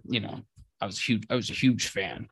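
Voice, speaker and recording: A man's voice: on the low side, fairly even intonation, moderate pace, gravelly, slightly rough, dry recording. A young man on a podcast, telling a rambling story full of filler words and swearing. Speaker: podcast co-host. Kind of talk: casual podcast chat.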